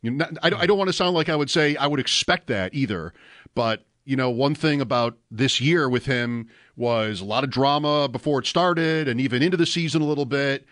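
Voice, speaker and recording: A man's voice: medium pitch, brisk, a bit bright, no room sound, clean studio sound. A man co-hosting a sports talk show, talking in a thoughtful, musing way. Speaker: sports radio co-host.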